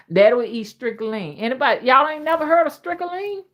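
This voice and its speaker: A woman from Alabama with an old-fashioned Southern accent, chatting casually on a livestream and reading viewers' comments in a folksy way. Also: fairly high pitch. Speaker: livestream host.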